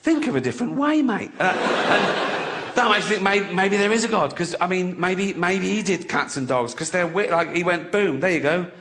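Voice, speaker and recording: A man's voice: high voice, expressive, moderate pace. A middle-aged man doing a stand-up routine, crude and mocking, acting out silly voices. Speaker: stand-up comedian. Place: stage before a live audience. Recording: loud background noise from a live crowd. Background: loud audience laughter.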